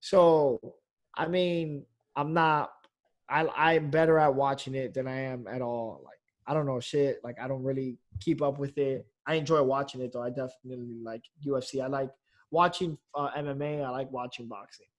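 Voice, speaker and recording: A man's voice: medium pitch, steady tone, moderate pace. A man, a comedian, chatting casually on a podcast in a loose, rambling way, full of fillers and the odd curse. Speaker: comedian guest.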